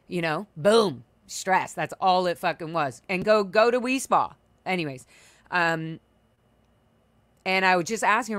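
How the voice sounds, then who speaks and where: A young woman hosts a video-call chat, speaking candidly and emotionally with many fillers and restarts. Her voice sits fairly low for a woman. The sound is dry and close, with no room echo. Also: fairly bright tone. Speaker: podcast host. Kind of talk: casual chat, personal storytelling.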